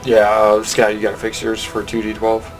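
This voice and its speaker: A man running a tabletop game as game master, relaxed and laughing easily as he describes the action. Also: fairly low pitch, moderate pace, faint music behind, rough recording.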